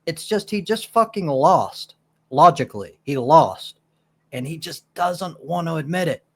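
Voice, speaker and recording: A man's voice: a little high, lively intonation, normal speed. A man commenting on a clip in a scornful, profane, casual way. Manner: scornful, laughing. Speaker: reaction video host.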